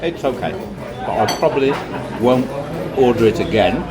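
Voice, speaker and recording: A man's voice: medium pitch, animated, normal speed. A man casually narrating a travel vlog with dry, understated humour while tasting food at a busy outdoor market. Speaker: travel vlogger. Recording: loud crowd and music behind.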